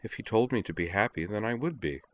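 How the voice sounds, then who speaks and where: A man voicing a composed female android girl who speaks flatly and calmly, in a storybook reading. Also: on the low side, fast. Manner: flat, calm, emotionless.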